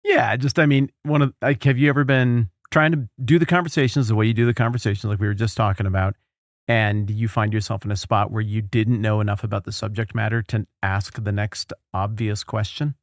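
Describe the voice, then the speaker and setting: A man's voice: on the low side, fairly even intonation, fairly quick, no echo, clean studio sound. A man hosting a podcast in casual conversation, telling stories with animation and acting out the people he quotes. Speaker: podcast host.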